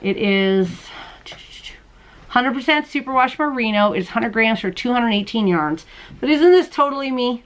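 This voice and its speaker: A woman's voice: on the high side, animated, normal speed, poor audio. A woman hosting her crochet podcast at home late at night, chatting casually and gushing over gifts she shows on camera. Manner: bubbly, chatty, gushes over small things. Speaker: podcast host. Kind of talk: casual chat showing mail and gifts on camera. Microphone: camera she handles while showing items.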